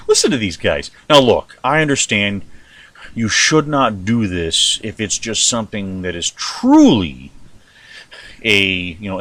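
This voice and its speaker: Male host, opinionated and rambling, lively delivery, dry close mic. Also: lowish voice, no room sound. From United States. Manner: rambling, animated, asks rhetorical questions. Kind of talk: opinionated news commentary.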